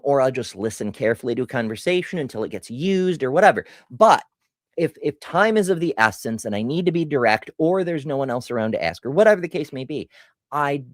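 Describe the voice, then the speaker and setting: A woman's voice: extremely low pitch, dry recording, studio quality. A middle-aged woman streaming a casual question-and-answer session, rambling off on tangents and laughing at herself. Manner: rambling and tangential, self-deprecating; chatty with frequent laughs and restarts. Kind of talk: casual livestream Q&A.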